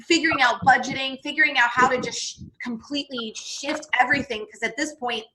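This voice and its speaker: A woman's voice: high voice, fairly even intonation, fairly quick, bright, forceful tone, a little hiss or hum, low-quality recording. A woman guest on a podcast, talking candidly and emphatically, quoting herself and swearing freely. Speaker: podcast guest, business coach.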